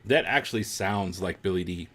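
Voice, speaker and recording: A man's voice: low-pitched, normal speed, fairly bright tone. A man hosting a live watch-along stream, chatting casually with viewers, reacting to the show and laughing often.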